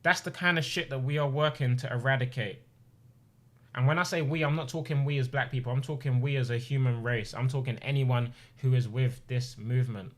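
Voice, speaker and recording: A man's voice: medium pitch, fairly even intonation, brisk, a bit bright. A man in his twenties talking on stream, earnest and impassioned, repeating phrases for emphasis. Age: 20s. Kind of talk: emotional personal talk on stream. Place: home streaming room.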